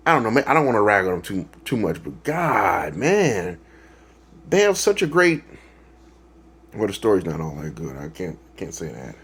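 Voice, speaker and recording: A man's voice: mid-range voice, animated, moderate pace, breathy edge. A man hosting a reaction video, talking in a rambling, casual way with lots of fillers and restarts and laughing at his own jokes.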